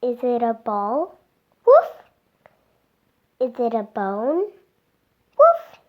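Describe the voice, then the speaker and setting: A woman reading a children's picture book aloud in a slow, clear, sing-song way for small children. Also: on the high side, expressive, highs cut off. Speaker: storybook reader.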